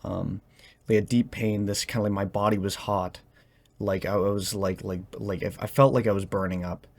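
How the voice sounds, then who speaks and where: A young man speaking in a personal confessional monologue, halting and hesitant as he searches for words, tense as he talks. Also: on the low side, fairly even intonation, creaky, a little mellow. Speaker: vlogger.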